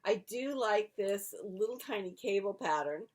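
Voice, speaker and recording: A woman in casual conversation on a knitting podcast, walking through her projects step by step in a chatty, easygoing way. Her voice sits at an ordinary middle pitch. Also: animated, normal speed, darkish tone. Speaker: podcast co-host.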